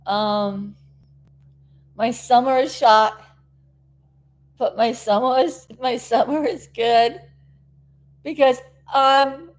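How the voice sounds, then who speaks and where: A woman's slightly mellow, high-leaning voice carries a tearful, rambling chat to camera. She's a South Florida vlogger recovering from an injury, speaking emotionally to her viewers.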